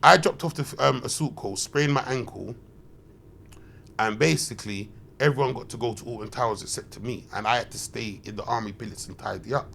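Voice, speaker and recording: A man, telling loud, slang-heavy, swearing stories as a podcast guest. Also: mid-range voice, brisk, creaky, a little hiss or hum. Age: 30s. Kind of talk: animated anecdote telling.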